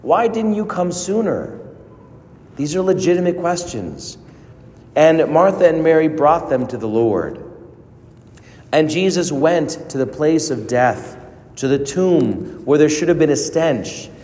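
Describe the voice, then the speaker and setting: A man's voice: on the high side, lively intonation, warm tone. Earnest male preacher in a reverberant church. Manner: earnest preaching with dramatic pauses and rising emphasis. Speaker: priest. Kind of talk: sermon. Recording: long reverb of a large hall.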